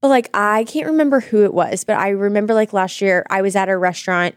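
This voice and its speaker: A woman's voice: mid-range voice, smooth, no echo, clean studio sound. A woman in her thirties with a Missouri accent, co-hosting a podcast in casual, teasing chat. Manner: chatty, laughing, quick to tease. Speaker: podcast co-host.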